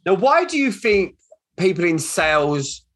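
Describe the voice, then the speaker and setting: A man's voice: high voice, measured pace. A man hosting a podcast, chatting casually and acting out the people in his stories. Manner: animated storyteller, acts out quoted dialogue. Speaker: podcast host.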